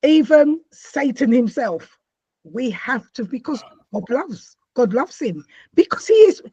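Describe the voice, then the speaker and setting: A woman interview host with a breathy voice, affirming her guest and sharing spiritual views. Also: high-pitched, sing-song, a little slow, warm tone, dry recording, muffled recording. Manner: affirming, frequent agreement.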